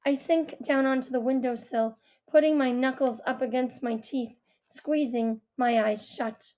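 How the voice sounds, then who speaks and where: A woman reads a first-person audiobook in a quiet, reflective way. Her voice sits a little higher than average. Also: steady tone, a little slow. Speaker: audiobook reader.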